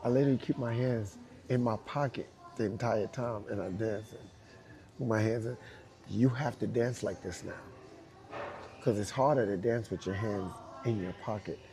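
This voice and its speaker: Mellow-voiced New York man telling stories. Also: lowish voice, normal speed. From United States. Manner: animated, acts out quotes, emphatic repetition. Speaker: guest dancer speaking to students. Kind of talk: casual storytelling talk.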